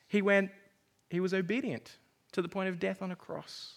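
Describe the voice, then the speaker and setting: A man's voice: sits high, little pitch movement, moderate pace, creaky. A male pastor preaching a sermon in a conversational, self-deprecating way.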